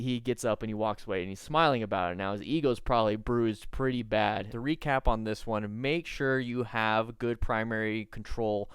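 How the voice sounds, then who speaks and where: A man's voice: lowish voice, moderate pace, few pauses, smooth, dry recording, clean studio sound. A man who coaches motorcycle riders, giving earnest, instructive video commentary and now and then trying not to laugh.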